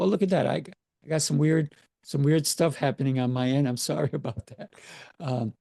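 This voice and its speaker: A martial arts coach talks in a casual interview, firing off rhetorical questions with real emphasis. His voice sits a little high for a man, with a gravelly edge and a warm, mellow tone. The sound is dry and close, from a video call. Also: steady tone, fairly quick, dry recording.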